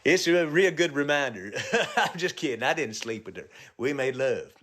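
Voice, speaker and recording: Middle-aged male comic, slightly high voice, crude riffing with live viewers, low mutters and sudden high yelps. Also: lively intonation, normal speed, fairly bright tone. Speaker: comedian live-streaming. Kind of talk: rambling live-stream banter with viewers.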